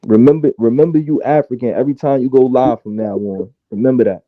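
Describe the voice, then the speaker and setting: A man's voice: medium pitch, quick pace, no room sound. Brief: man, mocking stream arguer, tinny phone-like line, dry. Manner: taunting, talks over others. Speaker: live stream participant. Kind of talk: heated argument on a live stream.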